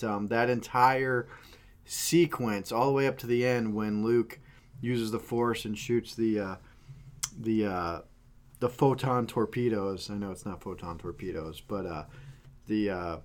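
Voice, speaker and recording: An easygoing man with a mid-range voice, chatting on a podcast. He hesitates often with "uh"s and "um"s as he walks through his ranked list. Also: medium pitch. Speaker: podcast co-host. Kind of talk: casual movie ranking chat.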